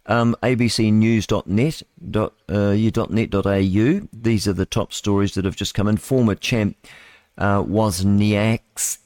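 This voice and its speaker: NZ male radio host, low-ish voice, dry close studio sound, rambling news reads with asides. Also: fairly even intonation, measured pace, a little mellow, no echo. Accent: New Zealand. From New Zealand. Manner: rambling, chatty, stumbles over names, talks to listeners with tag questions. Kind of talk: casual live radio news reading with asides.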